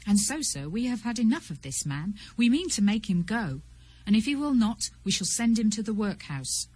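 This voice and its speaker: A woman reading aloud, voicing a respectful, anxious village man who speaks very softly. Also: mid-range voice, big pitch swings, normal speed, husky, no room sound, low-quality recording. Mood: hushed. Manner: hushed, near whisper.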